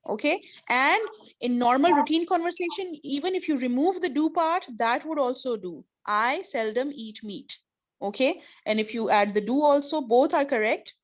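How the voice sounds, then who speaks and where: A woman's voice: high-pitched, lively intonation, normal speed. A woman teaching an online class, explaining patiently with repeated examples. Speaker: English teacher.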